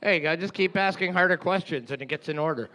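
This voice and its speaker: A man's voice: on the high side, fast, pushed and bright, low-quality recording. A man co-hosting a casual podcast, trading wisecracks and laughing often. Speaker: podcast co-host.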